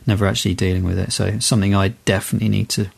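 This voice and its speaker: A man's voice: fairly low pitch, flat delivery, very fast, vocal fry, breathy edge. A man co-hosting a podcast, chatting casually and rambling with lots of restarts and fillers. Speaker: podcast co-host. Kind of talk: casual chat.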